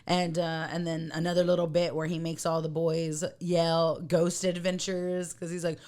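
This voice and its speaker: A woman's voice: lowish voice, moderate pace. A woman co-hosting a podcast, recapping a TV episode in casual chat, laughing often and acting out quotes. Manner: laughing, animated storytelling with quoted impressions. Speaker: podcast co-host.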